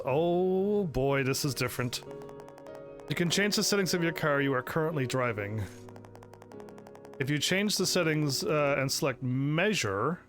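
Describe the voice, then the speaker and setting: A man hosting a let's play, reading game text aloud and reacting with excited, sarcastic commentary. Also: on the high side. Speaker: gaming channel host. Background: faint game music.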